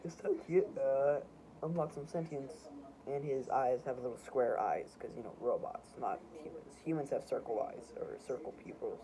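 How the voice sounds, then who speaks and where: A man's voice: medium pitch, moderate pace, mellow, a little hiss or hum, rough recording. A man casually reading through his own homemade comics, rambling and correcting himself as he goes.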